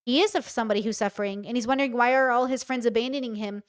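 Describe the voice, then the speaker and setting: A woman's voice: a little high, rapid-fire. A woman streaming casual live commentary, talking bluntly and with emphasis straight to her chat. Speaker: streamer reacting to a show.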